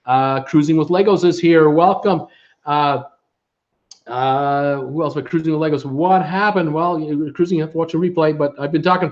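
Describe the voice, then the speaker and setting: A man's voice: fairly high pitch, highs cut off. Chatty man hosting a live stream. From Ontario, Canada. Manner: chatty, upbeat, many fillers. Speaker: livestream host reading viewer chat. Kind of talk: casual live chat. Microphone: webcam setup at home.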